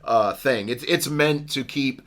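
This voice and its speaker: Male podcast co-host, casual, halting movie recap full of fillers. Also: medium pitch, fairly bright tone. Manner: rambling, many ums and restarts.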